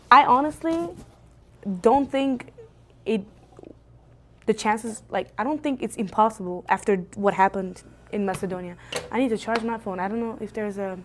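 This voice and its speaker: A young woman from Belgium streaming from home on a phone, telling a family story in a lively, animated way. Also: a little high, slight background noise. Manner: animated, lively storyteller with big jumps for quoted voices. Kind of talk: casual livestream storytelling. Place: indoors at home. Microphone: phone on a gimbal.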